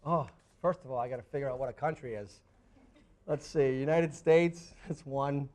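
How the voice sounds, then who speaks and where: A middle-aged man, a guest fisherman on a studio talk show, telling stories in an animated way and laughing through them. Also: mid-range voice, moderate pace. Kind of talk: animated storytelling. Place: TV studio with live audience.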